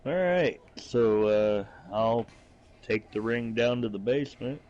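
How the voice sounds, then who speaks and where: A man's voice: medium pitch, takes it slowly, a little mellow, highs cut off. A man playing a tabletop game, joking dryly and swearing casually. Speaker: player.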